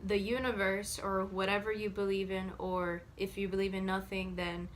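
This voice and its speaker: A woman's voice: mid-range voice, little pitch movement, moderate pace, a little hiss or hum. A young adult woman, a self-help vlogger, talking casually to camera in an earnest, reflective way, with many fillers and restarts.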